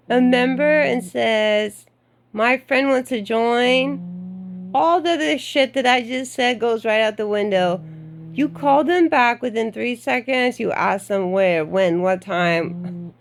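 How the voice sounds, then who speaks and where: A woman's voice: on the high side, slow pace, gravelly. A middle-aged woman giving blunt career advice in a vlog, outspoken and frank, with laughing asides. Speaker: golf club membership adviser.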